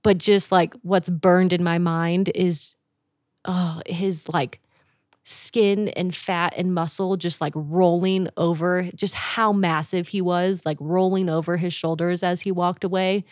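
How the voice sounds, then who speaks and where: A young woman tells a story in casual conversation, slightly low-pitched for a woman. She is animated, laughs often and swears easily. The sound is dry and close. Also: slow pace, no echo. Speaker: guest telling a camping story.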